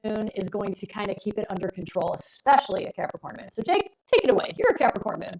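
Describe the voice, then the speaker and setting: A woman's voice: mid-range voice, big pitch swings, quick pace, darkish tone, husky, rough recording. A middle-aged woman co-hosting an astrology live stream, talking in a chatty, rambling, emphatic way. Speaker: astrologer co-host. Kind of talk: casual live-stream chat.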